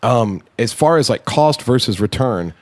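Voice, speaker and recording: A man's voice: mid-range voice, lively intonation, measured pace, a little mellow, dry recording. A man hosting a casual podcast, rambling and restarting his sentences, cursing now and then. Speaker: podcast host.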